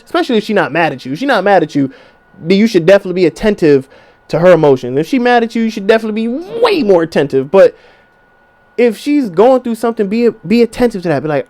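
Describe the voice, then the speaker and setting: A man's voice: high-pitched, sing-song, fast talker, a little mellow. A man in his twenties hosting a podcast, giving blunt, profane relationship advice in a casual rant. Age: 20s. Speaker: podcast host.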